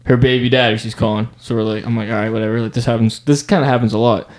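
A young man co-hosting a podcast tells a story at a very fast clip in a medium-pitched voice. He's an animated, slangy storyteller in casual chat who says "dude" a lot.

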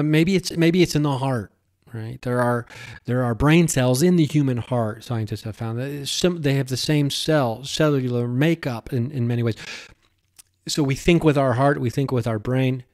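A man carries a solo podcast in a loose, wandering monologue. His voice sits at an ordinary middle pitch. He drifts from idea to idea, breaks into excited outbursts and laughs at his own tangents. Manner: digressive and excitable, with bursts of exclamation and self-mocking asides. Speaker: podcast host.

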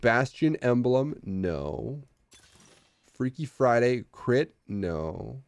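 A man streaming an auto-battler match and commenting live, excitable and swinging from low mutters to shouts. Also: extremely slow, vocal fry.

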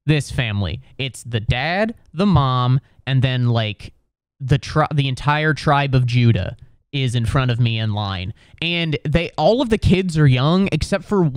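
A young American comedian tells a story in an animated, profane way, leaning on filler words. His voice is smooth and clear, recorded close and dry with no room sound. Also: medium pitch, no echo. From United States. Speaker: comedian podcast host.

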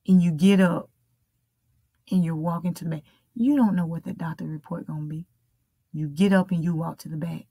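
A woman's voice: lowish voice, mellow, husky, dry recording. Emphatic woman preaching a sermon. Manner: emphatic, repetitive preaching with drawn-out phrases.

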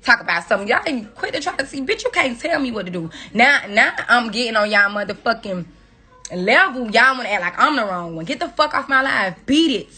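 A woman's voice: fairly high pitch, animated, a little fast, bright, forceful tone, slightly rough. A woman on a phone livestream, delivering a profane, confrontational scolding rant at her viewers. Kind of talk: angry rant on a social media livestream.

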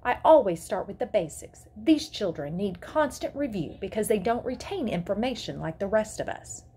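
A woman's voice: medium pitch, sing-song, moderate pace, a little mellow, slight background noise, close to an everyday voice. A woman voicing a condescending schoolteacher in a prim, professional tone while reading a story aloud. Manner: superior, professional teacher tone.

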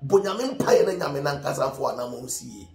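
A man's voice: medium pitch, expressive, a little fast, echoey room. A Ghanaian man preaching a sermon, mixing Twi and English, emphatic, with laughs. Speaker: pastor.

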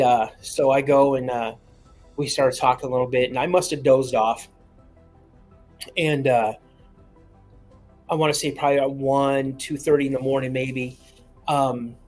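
A man calling in to a show, telling a long personal story in a rambling way, repeating words and acting out the voices of people he quotes. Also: mid-range voice. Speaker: caller.

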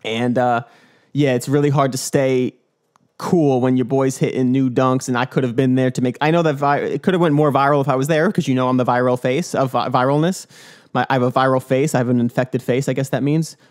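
Speaking briskly in a steady, darkish mid-range voice, a young dunk vlogger rambles through a monologue on his podcast. His manner is loose and hyped, all jokes, cursing, and bro talk.

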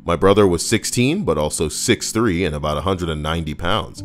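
Deep-voiced joking male streamer. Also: lively intonation, a little fast, hardly any pauses, faint music behind. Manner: joking and playful. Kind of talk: casual chat, reading comments and a story aloud.

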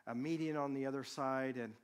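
A male pastor, preaching in an easy conversational way. He tells a personal story to the congregation and gets animated at the exciting parts. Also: mid-range voice, a little fast, clear, resonant tone.

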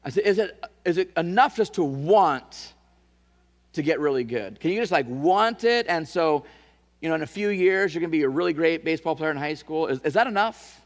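A man's voice: fairly high pitch, expressive, normal speed, big-room sound. A man preaching a sermon as pastor, telling a story with restarts and repeated words, and building to emphatic calls to his church.

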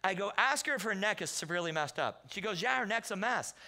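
A man preaching a sermon in a Southern California accent. He tells stories in a loose, conversational way and acts out the quotes in loud bursts. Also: sits high, expressive, quick pace. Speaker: pastor. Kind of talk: sermon with storytelling. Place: church sanctuary.

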